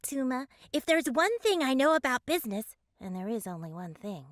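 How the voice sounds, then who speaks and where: Squeaky bubbly cartoon pet. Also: female voice, expressive, fairly quick, a bit bright, no room sound. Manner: bubbly and enthusiastic. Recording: dry studio voice, light music.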